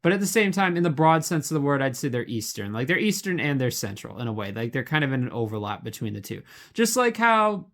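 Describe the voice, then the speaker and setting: A man's voice: mid-range voice, big pitch swings, fast, hardly any pauses, fairly bright tone. Rambling young man, casual monologue. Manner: rambling, filler-heavy, lots of "like" and restarts. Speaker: video essayist.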